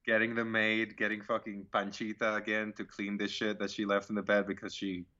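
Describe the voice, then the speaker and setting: A man's voice: lowish voice, monotone, a little fast, sharp tone. A man co-hosting a casual movie review chat, loose and profane, laughing often. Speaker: podcast co-host. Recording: dull lo-fi audio.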